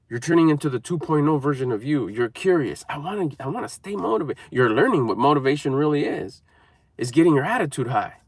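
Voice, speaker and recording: A man's voice: on the high side, no room sound. Man, motivational vlog, emphatic and repetitive, coaching tone, dry sound. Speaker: motivational speaker. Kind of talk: motivational talk to camera.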